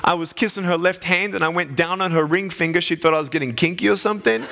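A man in his thirties giving a humorous chapel talk as an evangelist, telling stories with lively swings in pitch. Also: fast talker, very noisy. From Australia. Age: 30s. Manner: animated storyteller with jokes and wide pitch swings. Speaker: evangelist speaker. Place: chapel audience hall.

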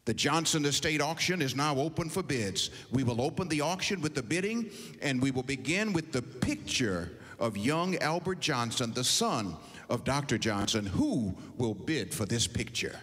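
A preacher doing a pressing auctioneer. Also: male voice, mid-range voice, very animated, moderate pace, a bit bright. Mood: formal. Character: insistent male estate auctioneer. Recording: long hall reverb.

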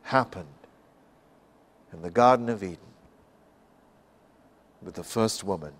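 A man from Canada giving an expository Bible talk, slow and emphatic, rising and falling for effect. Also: deep voice. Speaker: Bible class speaker.

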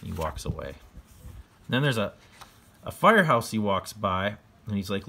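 A man with a low voice retells a picture book in his own words, casual and loose. He rambles with fillers and restarts and chuckles often as he goes. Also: expressive, measured pace, bright, forceful tone. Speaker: book reader.

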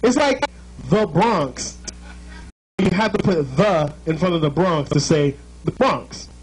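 A man's voice: fairly high pitch, expressive, slow, slightly rough, rough recording. A man with a Jamaican accent hosting a live show, joking and teasing his crowd in a playful, chatty way.

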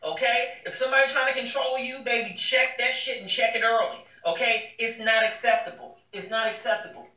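A woman's voice: fairly high pitch, fairly even intonation, brisk, few pauses, sharp tone, distant mic. A woman giving blunt, emphatic advice in casual talk, mixing in slang and endearments. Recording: echoey room, voice from off the mic.

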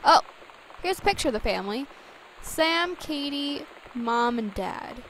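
Young woman gamer, high and giggly, chatty commentary over soft rain. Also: expressive, a little slow, slight background noise, poor audio. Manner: giggly, chatty, reads game text aloud. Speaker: let's play gamer. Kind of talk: casual gameplay commentary.

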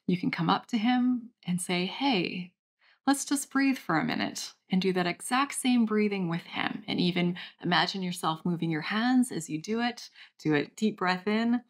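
A young woman hosting a channel, calmly and gently guiding listeners through a step-by-step brain training exercise. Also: lowish voice, normal speed, hardly any pauses. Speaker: channel host, recovery coach. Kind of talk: guided exercise instruction.

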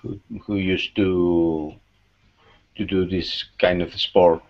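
A man taking part in an English class on a video call, speaking halting, non-native English with many pauses. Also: deep voice, little pitch movement. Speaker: language student. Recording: dull lo-fi video call audio.

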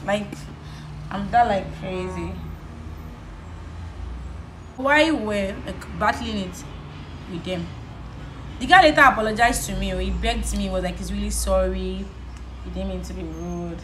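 A woman's voice: mid-range voice, unhurried, long pauses, roomy sound, slight background noise, rough recording. Chatty Nigerian woman telling a story. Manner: animated storytelling, switching between English and Yoruba. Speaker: vlogger. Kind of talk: casual chat while doing makeup.

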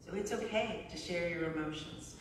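A woman's voice: lowish voice, moderate pace, a little hiss or hum. A middle-aged woman giving a conversational sermon, telling stories and often asking "right?", recorded in a church sanctuary. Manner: conversational, storytelling, frequent "right?". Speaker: pastor. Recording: echoey hall from far off.

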